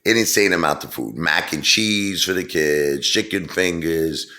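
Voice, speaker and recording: A man's voice: sits low, measured pace, bright, forceful tone. A middle-aged man telling a rambling, casual story full of fillers and asides. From Brooklyn, New York. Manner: rambling, digressive, many fillers. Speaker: vlogger.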